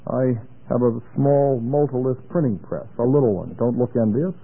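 A middle-aged man preaching a sermon, telling anecdotes and acting out the dialogue with animated storytelling. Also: medium pitch, moderate pace, husky. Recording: tinny lo-fi phone-band recording.

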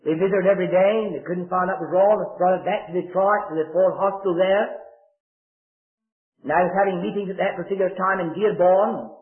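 An older man preaching a sermon, earnestly telling stories and dropping to a hush at solemn moments. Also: sits high, fairly even intonation, a little fast. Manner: earnest, swings from raised to hushed. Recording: echoey, tinny lo-fi old recording.

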